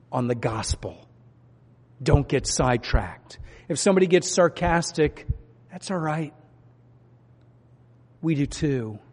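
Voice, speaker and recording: A man preaching a sermon from the pulpit, swinging between loud urging and quiet earnest asides. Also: medium pitch. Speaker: pastor. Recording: long hall reverb.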